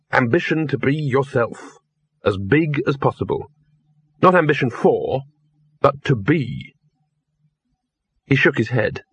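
A man narrating a fantasy audiobook in a measured, wry storytelling manner. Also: mid-range voice, fairly bright tone, slightly rough, dry recording. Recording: dull lo-fi dry studio recording.

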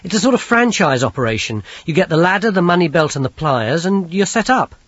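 A man voicing a nervous, hungover young male god in an audiobook, excitable and stammering. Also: high voice, brisk, no echo, dull audio, voice pushed up. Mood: chatty. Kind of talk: audiobook character voice.

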